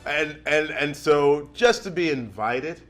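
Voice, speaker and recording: A man's voice: a little high, slow, fairly bright tone. A man interviewed as a performer guest, easygoing and modest. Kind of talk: interview answer.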